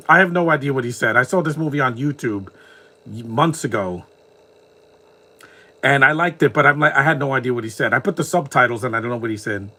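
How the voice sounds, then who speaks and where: A man's voice: medium pitch, lively intonation, a little fast, bright, forceful tone. A man from New York with a New York accent, giving casual live commentary on a movie with joking, laughing reactions. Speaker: movie watch-along commentator.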